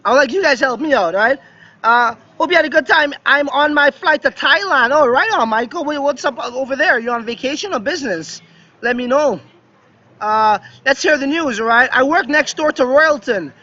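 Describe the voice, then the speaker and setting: High-voiced chatty man vlogging. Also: moderate pace, sharp tone, lo-fi sound. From West Indian background. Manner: chatty, repeats "right?" and "yeah, yeah". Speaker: crypto vlogger live streaming. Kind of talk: casual live stream chat. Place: outdoors at a beach resort.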